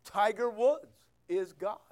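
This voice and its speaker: Male pastor with a very high, smooth voice, preaching conversationally. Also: slow, darkish tone. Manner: conversational, asks the listeners questions, reads scripture aloud. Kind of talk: sermon.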